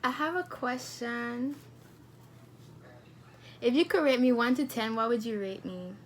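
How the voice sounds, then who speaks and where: A woman's voice: on the high side, unhurried, a little hiss or hum. An eighteen-year-old woman vlogging casual video calls with strangers on her phone, slangy and repeating the same question again and again.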